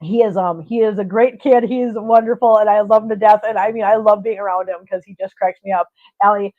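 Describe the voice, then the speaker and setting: A woman's voice: medium pitch, fairly even intonation, brisk. A middle-aged woman hosting a casual livestream chat, telling stories in a chatty way and laughing often. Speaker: host. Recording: dull lo-fi stream audio.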